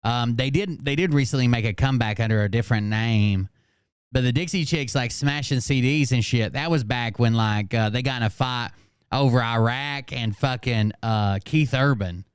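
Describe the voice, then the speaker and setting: A man with a Southern accent talks in a relaxed, mocking way, swearing freely and poking fun at the clips he plays. His voice is smooth and clear, recorded close and dry. He sits at a mid pitch and keeps a loose, offhand tone. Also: moderate pace, no room sound. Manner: sarcastic, profane, mocking. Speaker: host. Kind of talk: casual commentary.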